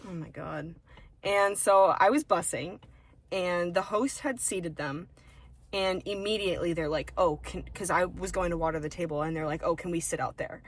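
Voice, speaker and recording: A woman's voice: lowish voice, normal speed. A young woman co-hosting a podcast, telling a restaurant story in casual, profane chat. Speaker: podcast co-host.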